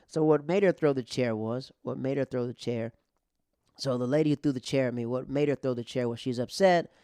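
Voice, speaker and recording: Male comedian, casual storytelling, rambling, smooth voice, dry close sound. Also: mid-range voice, a little fast, dark tone, no echo. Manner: rambling, conversational, with many restarts and fillers. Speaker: comedian and podcast host.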